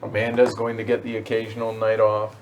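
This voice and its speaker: A man's voice: lowish voice, completely flat delivery, a little fast, a little hiss or hum. A man hosting a board game stream, chatting casually and explaining the rules to the other players as they play. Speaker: host teaching and playing a board game. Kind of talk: casual game-table chat.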